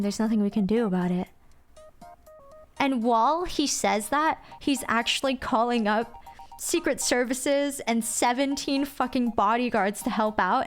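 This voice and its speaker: A woman streamer chatting casually and playfully, swearing freely and acting out her friends' lines. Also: on the high side.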